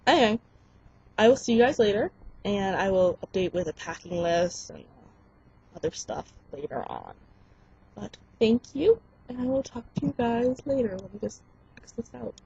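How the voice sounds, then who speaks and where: A young woman giving casual advice in a vlog, bubbly and excitable, squealing when she acts out quotes. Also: mid-range voice, normal speed, gravelly, husky, highs cut off. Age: young adult. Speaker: vlogger.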